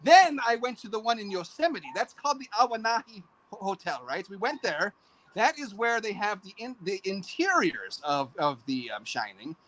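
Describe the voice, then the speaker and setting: A man talking as a guest on a casual podcast, animated and goofy, breaking into silly voices and mock outbursts. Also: high-pitched, moderate pace, a little hiss or hum, poor audio.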